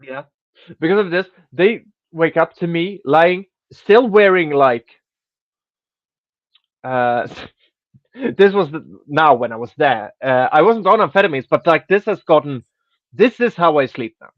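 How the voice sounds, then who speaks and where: A man's voice: a little high, lively intonation, unhurried, pauses often, no echo. A man telling a rambling story in casual podcast chat as host, restarting sentences and swearing offhandedly. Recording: dry, dull lo-fi sound.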